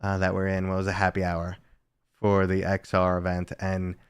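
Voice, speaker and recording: A man's voice: low voice, completely flat delivery, normal speed, smooth, no echo, studio quality. A man in his thirties from the United States, chatting casually on a live stream, telling stories loosely and swearing now and then. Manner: casual storytelling, swearing, reading chat.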